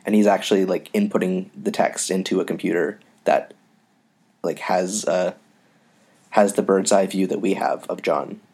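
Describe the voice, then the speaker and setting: Very low-voiced, halting man. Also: fairly even intonation, creaky, darkish tone, husky. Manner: hesitant, halting, full of "uh" and "um". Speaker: podcast co-host. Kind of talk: casual discussion of a comic.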